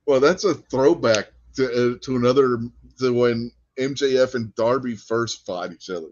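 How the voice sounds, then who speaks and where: A man co-hosting a casual wrestling chat show, telling stories in an animated way and laughing often. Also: medium pitch, normal speed. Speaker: podcast co-host. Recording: dull lo-fi podcast audio.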